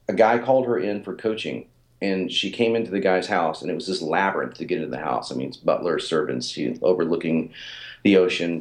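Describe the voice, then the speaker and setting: A man's voice: sits low, echoey room. A man in his forties, a fitness author and coach, telling stories in a casual interview with many fillers and repeated words. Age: 40s.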